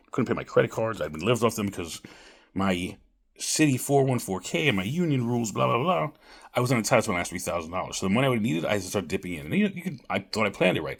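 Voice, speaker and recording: A man's voice: on the low side, gravelly. A man giving rambling casual political commentary straight to camera, calling his viewers folks. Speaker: vlogger.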